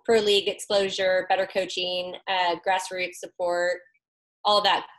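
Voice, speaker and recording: A woman hosting a casual interview, asking loose, relaxed questions. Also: on the low side, a little slow, rough recording. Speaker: interviewer, host.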